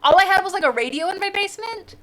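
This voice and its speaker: A woman's voice: extremely high pitch, expressive, fast, fairly bright tone. A woman from the central United States chatting casually on a live stream, bubbly and giggly, with sudden squeals.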